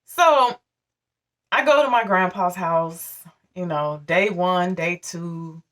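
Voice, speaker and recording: A woman's voice: lowish voice, slow, a bit bright, distant mic. A woman in her forties telling a painful personal story to her viewers in a candid, emotional, conversational way. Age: 40s. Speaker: vlogger.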